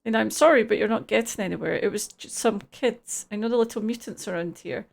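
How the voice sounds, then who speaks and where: A woman's voice: a little high, a little fast, vocal fry. A woman streamer reading video game dialogue aloud, with dry, wry asides.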